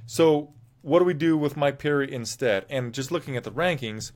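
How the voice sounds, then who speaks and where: A man's voice: medium pitch, moderate pace, darkish tone. A man hosting a casual fight recap show, talking in a rambling, opinionated way and correcting himself as he goes. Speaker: MMA show host.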